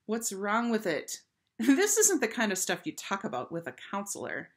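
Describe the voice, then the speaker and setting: A woman's voice: medium pitch, huge pitch swings, moderate pace, voice pushed up. A woman reading aloud and voicing a bossy, mocking teenage girl who teases her younger brother. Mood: teasing. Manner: teasing, laughing, sing-song.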